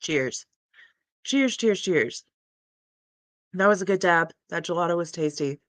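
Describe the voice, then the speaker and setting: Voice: mid-range voice, lively intonation, a little slow, a bit bright. A young adult streamer chats to viewers in a loose, laid-back, rambling manner, talking casually and at length. The voice sits in a middle range and is caught close on a dry mic with no room echo. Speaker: cannabis livestream host. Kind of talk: casual livestream chat.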